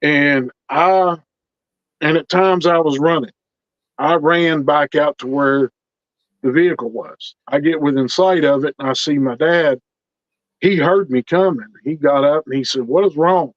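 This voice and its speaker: A man's voice: on the high side, unhurried, dry recording, lo-fi sound. A man telling a story in a folksy, earnest way, often repeating words as he builds tension. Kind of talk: casual spoken storytelling.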